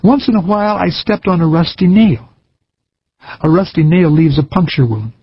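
A man preaching a recorded sermon in an earnest, measured way, with folksy stories. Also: high-pitched, expressive, slightly rough, dry recording, highs cut off.

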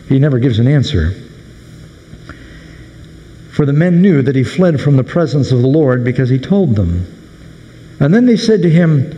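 A male pastor preaching a sermon, retelling a story with lively dramatic delivery. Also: a little high, lo-fi sound. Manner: animated storytelling, acting out the sailors' panicked questions. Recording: long hall reverb.

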